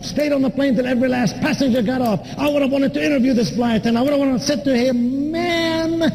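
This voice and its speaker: A man with a very high speaking voice delivers a motivational keynote and tells his story with animation. He jumps in and out of the characters in it. Noticeable noise runs under the live event recording. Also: steady tone, fast, darkish tone, rough recording. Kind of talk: keynote speech. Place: event venue.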